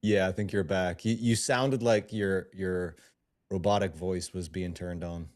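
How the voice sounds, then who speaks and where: A man's voice: low-pitched, fairly even intonation, measured pace. A man co-hosting a casual podcast, laid-back and joking. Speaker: podcast co-host.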